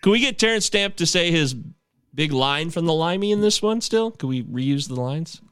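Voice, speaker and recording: Man, podcast host, lively swooping pitch, slightly high voice, dry close sound. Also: moderate pace, smooth, no room sound. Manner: animated, jokey, swoops up in pitch. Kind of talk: casual chat.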